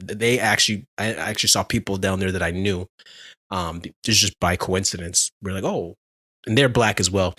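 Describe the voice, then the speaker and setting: Lively storytelling man, low voice. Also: no echo. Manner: animated storytelling, laughs often, many restarts. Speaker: podcast co-host. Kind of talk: casual chat.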